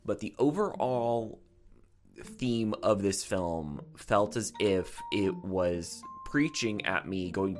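A man's voice: on the low side, animated, measured pace. A man talks through a film review in a casual, opinionated way. He often stalls and repeats words as he works out his point. Faint music plays underneath.

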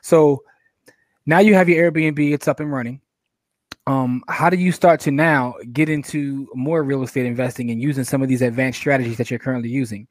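A man hosting a podcast interview, relaxed and encouraging, repeating the key phrases back. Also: mid-range voice, moderate pace, no echo. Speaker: podcast host. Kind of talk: casual interview.

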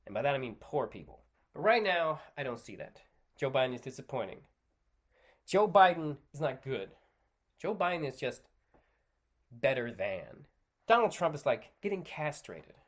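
Podcast host, male, sarcastic profane solo ranter, pitch jumping all over. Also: sing-song, moderate pace, long pauses. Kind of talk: solo opinion rant.

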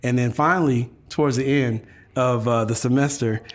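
A man, a guest on a casual podcast, telling a personal story in a lively way, full of restarts. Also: medium pitch, normal speed. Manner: animated, laughing storytelling with many restarts. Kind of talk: casual chat.

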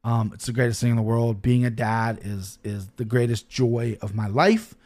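A man in his thirties hosting a podcast in a casual, rambling monologue, swearing often and full of fillers and restarts, soft and emotional at times. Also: medium pitch, normal speed. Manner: soft and emotional when talking about his daughter. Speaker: podcast host.

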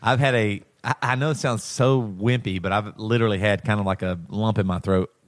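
A man's voice: on the low side, steady tone, brisk, no room sound. A man in his thirties, a podcast co-host, telling a personal story in a rambling, emotional way with many restarts. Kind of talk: casual chat.

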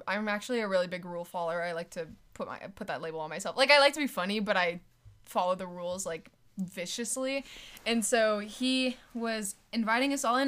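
A woman's voice: mid-range voice, smooth. A young woman, a podcast guest, chatting casually and telling stories with lots of giggles and fillers. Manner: giggly, animated storyteller, many fillers. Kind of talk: casual chat.

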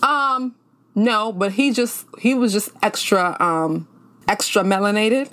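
A woman's voice: medium pitch, fairly bright tone. A woman co-hosting a podcast, talking through a sitcom in casual, candid, slangy chat. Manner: candid, slangy, quick reactions. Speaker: podcast co-host.

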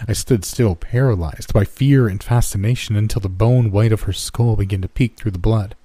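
A man reading a first-person horror story in a steady, measured scripted narration. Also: fairly low pitch, slightly rough, no room sound.

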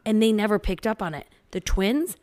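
A woman in her thirties, co-hosting a podcast in casual chat, telling stories with lots of swearing and animated retellings. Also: medium pitch, moderate pace. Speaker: podcast co-host.

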